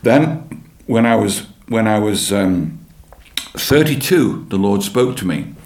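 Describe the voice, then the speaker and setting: Low-voiced man telling his testimony. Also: takes it slowly, slight background noise. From England. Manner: earnest storytelling, repeats phrases, animated. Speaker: church leader and guest. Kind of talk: personal testimony in an interview. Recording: roomy echo.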